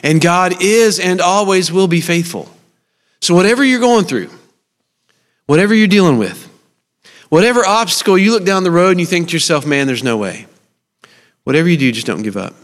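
Guy preaching, middle-aged, kinda high voice, earnest and personal w some jokes, big echoey church hall. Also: animated, normal speed, long pauses. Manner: personal, earnest storytelling with humor. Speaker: speaker at a church service. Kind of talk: sermon. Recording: long reverb of a large hall.

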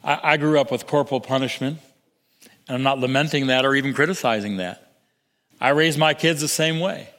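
An older man preaching a sermon, earnest, stumbling over restarts and sinking to soft, low emphasis. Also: brisk. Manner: earnest, with repeated restarts and soft drops to near-whisper for emphasis. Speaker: pastor. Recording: long hall reverb.

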